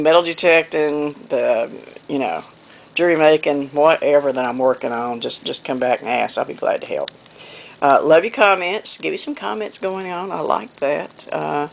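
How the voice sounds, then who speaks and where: Gravelly Southern woman chatting folksy. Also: low voice. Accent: Southern US, North Carolina. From North Carolina. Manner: rambling and folksy, often trailing off with "okay, anyway". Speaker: quilting vlogger. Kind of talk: casual chat to camera while hand quilting.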